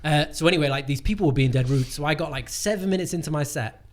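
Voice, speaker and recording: A man's voice: fairly high pitch, fast talker. A young man, telling a rambling, sweary comedy-gig story in casual podcast chat. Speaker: comedian guest.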